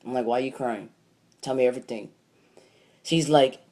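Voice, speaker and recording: A man's voice: mid-range voice, moderate pace, long pauses, darkish tone. A young man vlogging a casual, rambling story, swearing freely and retelling it line by line. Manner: rambling, profane, retells with "I'm like".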